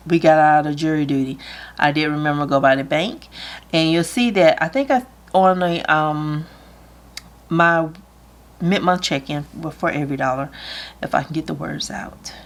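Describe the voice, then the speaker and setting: A budgeting vlogger chats casually to camera about her budget, working through the math out loud. Her voice sits low and her pace is a little slow; she laughs easily and at moments seems close to tears.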